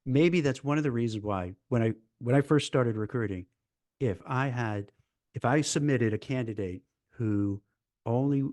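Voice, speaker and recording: A man's voice: mid-range voice, moderate pace, no room sound. A man working as a recruiter and hosting a casual live-stream chat, speaking animatedly and stumbling over repeated words as he gets fired up. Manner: animated, acts out dialogue in mock voices, repeats words when fired up. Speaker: recruiter and show host.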